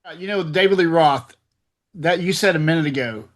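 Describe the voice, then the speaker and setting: A man's voice: on the high side, a little fast. A man hosting an interview, chatting casually and affirming his guest. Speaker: podcast host.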